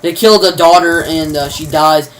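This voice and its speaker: Rambling low-voiced woman recapping a show. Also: fairly even intonation, moderate pace. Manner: rambling, many fillers and restarts, mild slang. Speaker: TV episode reviewer. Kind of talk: casual spoken episode recap. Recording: distant mic, faint background noise.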